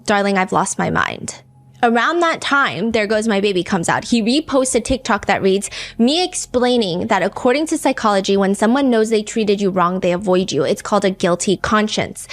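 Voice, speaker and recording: A woman hosting a podcast, telling a true-crime story in a casual, chatty way, often saying "like" and "you know" and reading out quotes. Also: medium pitch. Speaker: podcast host.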